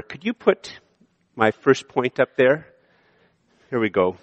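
A Canadian man preaching a sermon, moving between emphatic high points and quiet, slow passages. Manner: animated preaching, shifting from emphatic to hushed. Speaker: pastor. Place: church sanctuary. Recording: long reverb of a large hall.

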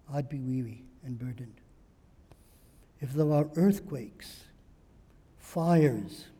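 A man's voice: on the high side, dark tone, slightly rough, big-room sound. A man preaching a sermon in church, emphatic and repeating phrases for stress. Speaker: pastor.

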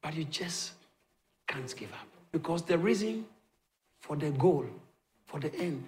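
A man's voice: on the high side, expressive, measured pace, darkish tone, slight background noise. Preaching man with a raised voice. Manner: rhetorical questions to the congregation, repeats phrases for emphasis. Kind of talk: sermon.

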